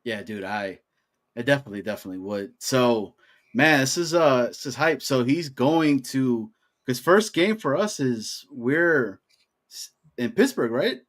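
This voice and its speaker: A young man co-hosting a sports podcast, talking casually and getting worked up with loud, rising hype. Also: mid-range voice, measured pace. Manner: animated, hypes with rising shouts. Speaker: podcast co-host.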